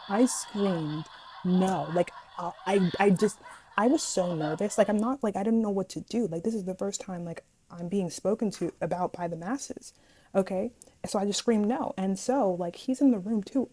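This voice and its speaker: A woman's voice: medium pitch, moderate pace, slightly rough. Young woman telling a dramatic story. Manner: animated, dramatic storytelling with quoted voices. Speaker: vlogger. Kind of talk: casual storytime vlog.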